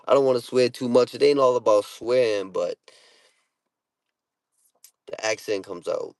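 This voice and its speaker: A man's voice: medium pitch, a little slow, pauses often, no echo. A man with a Boston accent, a rapper casually telling stories to his viewers and answering comments in blunt street slang with heavy swearing.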